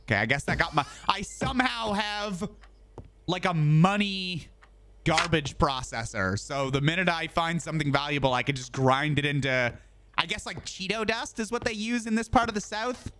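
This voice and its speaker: A man's voice: on the high side, lively intonation, moderate pace, fairly bright tone. A man streaming a video game, chatting casually as he plays, rambling and joking with frequent swearing. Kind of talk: casual gameplay commentary.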